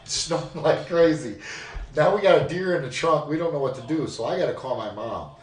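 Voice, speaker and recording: Profane, animated male storyteller. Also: on the high side, brisk. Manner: animated, profane yarn-spinning. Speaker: podcast guest. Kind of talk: casual storytelling. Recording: echoey room, mic at a distance.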